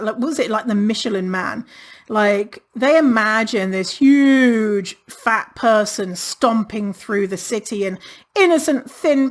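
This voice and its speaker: Sweary sarcastic woman ranting on her podcast, kinda high voice. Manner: blunt, sarcastic, swears freely, laughs often. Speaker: podcast host. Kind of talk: casual solo podcast monologue.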